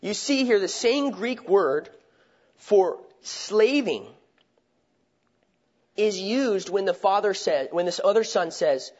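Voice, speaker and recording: A man's voice: sits high, expressive, slow, pauses often. A man preaching a sermon in a conversational way, asking rhetorical questions and restarting his phrases. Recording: dull lo-fi recording.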